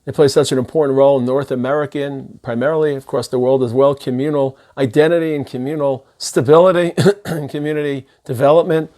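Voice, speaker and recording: A man's voice: mid-range voice, steady tone, fairly quick, mellow. A man, a rabbi who lives in Israel, giving an impassioned holiday sermon that builds through long spoken lists. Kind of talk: sermon-style speech.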